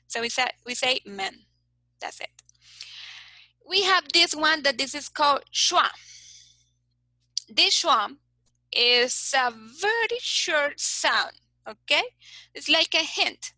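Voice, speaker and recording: A woman's voice: high-pitched, lively intonation, takes it slowly, pauses often, pushed and bright, no room sound, poor audio. A woman teaching English phonetics in an online class, patiently explaining and ending her points with "okay?". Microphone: video call.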